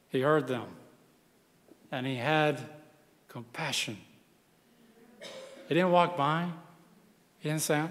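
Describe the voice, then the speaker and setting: A man's voice: a little high, fairly bright tone. Man preaching a sermon in a reverberant hall. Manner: dramatic preaching, voicing the people in the story. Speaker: pastor.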